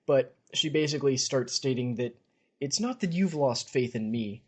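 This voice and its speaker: A man's voice: mid-range voice, animated, moderate pace, husky. A man casually retelling a fantasy story on a podcast, chatty and wry. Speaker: podcast co-host.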